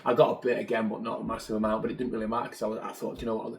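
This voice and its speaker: A man's voice: on the low side, racing, gravelly. Middle-aged guy, ex-footballer telling stories on a podcast, echoey room. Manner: animated anecdotes, acts out quotes. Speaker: guest, former footballer. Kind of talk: casual storytelling chat. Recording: roomy echo.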